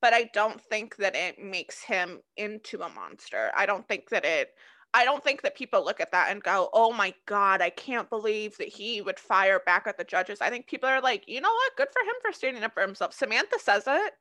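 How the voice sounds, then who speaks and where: A woman's voice: medium pitch, very animated, normal speed, bright, forceful tone. A woman co-hosting a podcast in casual chat, debating in a playful, teasing way. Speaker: podcast co-host.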